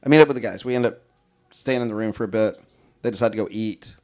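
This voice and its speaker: A man's voice: lowish voice, quick pace. A young man, a podcast host, telling a long story in casual chat, full of swearing and fillers, and slipping into voices for the people he quotes. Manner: animated, profane storytelling, mimics people he quotes.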